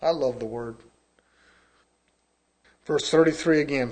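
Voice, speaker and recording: A man preaching a sermon, reading scripture slowly and loudly, then dropping to quiet asides with chuckles. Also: a little high. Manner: reads scripture in slow, drawn-out emphasis.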